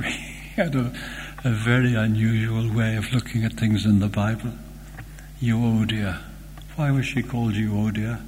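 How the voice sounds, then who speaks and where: Older guy giving a sermon in a big echoey church, slow and mellow. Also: fairly low pitch. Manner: slow, earnest, fond digressions. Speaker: preacher. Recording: long hall reverb, faint hum.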